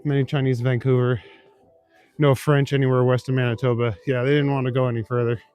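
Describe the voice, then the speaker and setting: A man's voice: mid-range voice, fast, clean tone, no echo. Laid-back Canadian guy streaming outdoors. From Northern Ontario, Canada. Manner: relaxed, swears casually, reads and answers chat. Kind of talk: casual live-stream chat while walking. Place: outdoors on city back streets at night.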